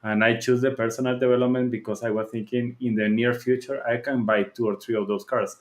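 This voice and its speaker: A man's voice: mid-range voice, little pitch movement, fairly quick. Earnest male host asking probing questions. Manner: earnest, asks probing questions, restarts phrases. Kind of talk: casual interview talk.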